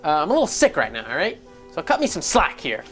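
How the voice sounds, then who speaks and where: A man's voice: a little high, wildly swooping pitch, quick pace, fairly bright tone, faint music behind. A man hosting a gaming news show, giving casual commentary in a profane, exasperated rant.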